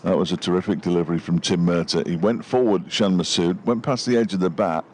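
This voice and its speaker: A man's voice: deep voice, fast talker, darkish tone. A man co-commentating live on cricket, with dry, wry asides, from a windy gazebo at the ground.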